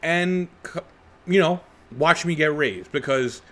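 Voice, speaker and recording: A middle-aged man from Brooklyn with a New York accent, hosting a solo podcast and talking in an animated, conversational, rhetorical way. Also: fairly high pitch, slow. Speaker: podcast host and comedian. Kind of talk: unscripted solo podcast monologue.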